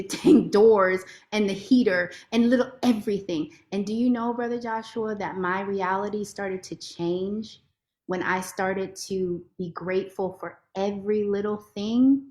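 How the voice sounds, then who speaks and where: A woman lawyer giving a heartfelt, expressive personal testimony as a podcast guest. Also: medium pitch, moderate pace. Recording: roomy echo.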